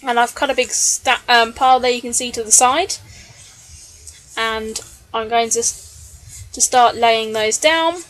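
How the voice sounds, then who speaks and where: A woman with a slightly high voice talks through her crafting in a recorded voice-over. She is chatty and relaxed, scattering ums and small laughs, and sounds a little tired late at night. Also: measured pace, long pauses. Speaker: scrapbooking vlogger. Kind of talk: voice-over narration of a crafting process video. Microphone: voice-over recorded separately from the video.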